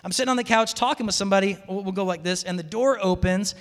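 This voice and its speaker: A man's voice: sits high, fast talker. A man from the Seattle area giving a conversational sermon to students in a large hall, telling stories animatedly with frequent restarts. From Seattle area, USA. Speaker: campus minister speaking to students. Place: large hall with live audience. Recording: long hall reverb.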